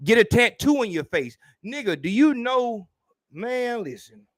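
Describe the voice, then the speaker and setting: A man hosting a podcast, ranting casually in a profane, animated way and mimicking people in mocking voices. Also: extremely high pitch, unhurried, dry recording, studio quality. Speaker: podcast host. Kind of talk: casual rant.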